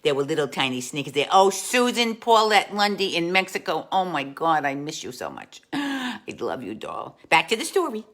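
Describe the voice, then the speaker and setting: Picture a gossipy aunt holding court with her viewers, as a woman puts her on. Her voice sits low but swings wide and lively as she chats. She's warm, chatty and always ready for a story. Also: normal speed, heavily acted. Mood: chatty storytelling. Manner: chatty, greets viewers, calls them dolls. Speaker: comic host. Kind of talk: live-stream storytelling in character.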